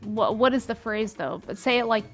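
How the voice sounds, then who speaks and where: Woman chatting on a game stream, rambly and playful, soft game music behind. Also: on the high side, normal speed. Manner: rambling, lots of "like" fillers, playful. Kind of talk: casual stream chat.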